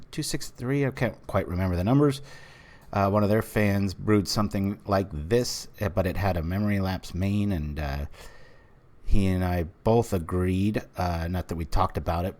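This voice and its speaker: A man's voice: low-pitched, a little mellow. A man from the United States, casually commenting while streaming a card game, rambling with many fillers.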